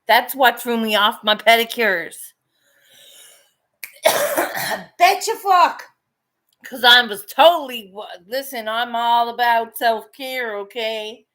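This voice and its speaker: A woman in middle age talks casually as she paints, at a slow, unhurried pace. She swears freely and breaks into laughter often. Her voice sits at an ordinary pitch for a woman. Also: a bit bright. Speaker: painting vlogger. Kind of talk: casual chat while painting.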